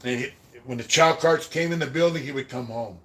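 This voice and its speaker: Male podcast host, mid-pitched, swears freely, rambling prison yarns that trail off quietly. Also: a little fast. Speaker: podcast host reading super chats. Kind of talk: casual storytelling about prison life.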